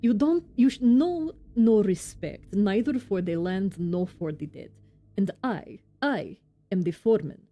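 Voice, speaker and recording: A woman voicing a huge, scarred male slaughterhouse foreman in a slow, heavy, clipped way, with a put-on Russian accent. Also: mid-range voice, expressive, dark tone. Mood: indignant. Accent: attempted Russian accent.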